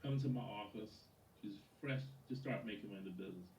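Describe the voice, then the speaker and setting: A man who is a sales coach gives a lively motivational training talk, telling stories about clients and acting out their words. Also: lowish voice, fast, a little hiss or hum. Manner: animated storyteller, acts out quotes, addresses a listener by name. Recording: roomy echo from a distant mic.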